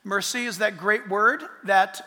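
A man preaching a sermon as a pastor, animated, swinging from loud bursts to hushed asides and dropping in jokes. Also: high-pitched, a little slow, long reverb tail.

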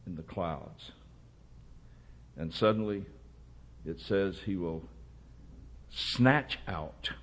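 Preacher guy, real low voice, gets loud and punchy. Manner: emphatic, rising to loud bursts. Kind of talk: sermon.

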